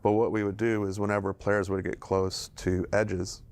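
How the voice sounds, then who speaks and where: Male developer interviewee, deep gravelly monotone, measured explanation.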